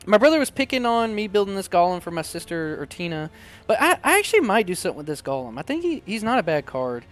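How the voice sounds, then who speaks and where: A man hosting a casual card-opening video, chatting excitably and reading card text aloud. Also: sits high, quick pace. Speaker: card-opening channel host. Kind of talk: casual unboxing chat.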